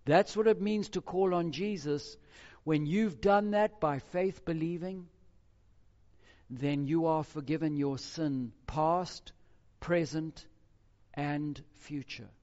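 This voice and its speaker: A man preaching a sermon verse by verse, emphatic, moving between loud stressed phrases and quiet, low asides. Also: slow pace. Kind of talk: expository sermon. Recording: dull lo-fi recording with hall reverb.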